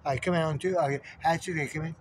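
A man's voice: a little high, steady tone, rapid-fire, background noise. Man rambling and muttering number codes. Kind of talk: stream-of-consciousness monologue.

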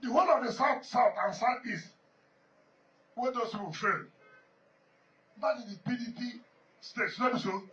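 Speaking to a gathering at a measured pace with long pauses, a man with a Nigerian accent keeps his voice high and a bit bright, repeating himself to press his points in a rambling speech. He's far from the microphone, and the sound is muffled and dull with faint hiss.

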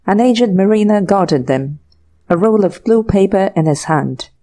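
A woman narrating an audiobook short story in a measured, unhurried way. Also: medium pitch, animated, dark tone. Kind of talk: scripted narration.

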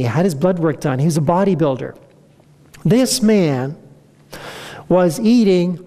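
A man's voice: high-pitched, warm tone, big-room sound. A man giving a health presentation to an audience, asking them rhetorical questions as he teaches. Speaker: health lecturer.

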